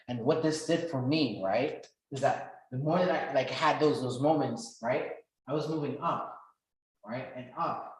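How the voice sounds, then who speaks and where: A man speaks to a workshop in a casual storytelling way, mid-pitched and conversational. He gets animated when he acts out what people said, his voice climbing and getting louder. The room around him rings with noticeable echo. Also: measured pace. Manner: animated, acts out quoted dialogue with rising pitch and loudness. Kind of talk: personal storytelling talk. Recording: roomy echo.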